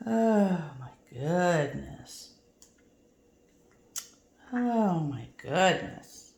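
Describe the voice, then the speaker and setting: A woman's voice: very animated, slow, gravelly, darkish tone. Sing-song woman coaxing her pet bird. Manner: coaxing sing-song baby talk with sudden high squeaks. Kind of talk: baby talk to a pet. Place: room at home. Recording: echoey home room, faint noise.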